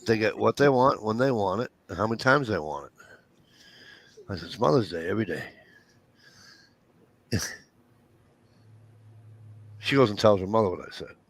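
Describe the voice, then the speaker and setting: A middle-aged man with a fairly low voice tells funny family stories in casual chat at a moderate pace, with long pauses. He is an animated storyteller who acts out the voices of the people he quotes and curses freely in his profane jokes.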